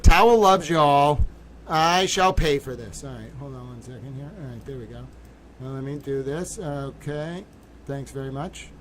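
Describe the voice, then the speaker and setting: A man hosting a livestream, talking in an excitable, theatrical way that swings from low muttering to loud outbursts. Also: a little hiss or hum. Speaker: livestream host. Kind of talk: livestream commentary.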